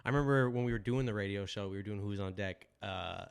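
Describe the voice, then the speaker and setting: A man hosting a podcast, chatting casually with a relaxed manner and quick short reactions. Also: fairly low pitch, vocal fry, smooth. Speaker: podcast host. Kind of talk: casual chat.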